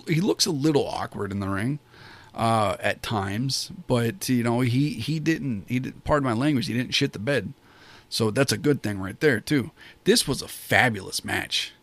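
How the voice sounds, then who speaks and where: A man talking through a wrestling show review in a loose, rambling way, full of fillers and restarts. His pitch sits in a middle range for a man, and the sound is dry and close, with no room around it. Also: lively intonation, moderate pace, fairly bright tone, no echo. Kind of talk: casual spoken review.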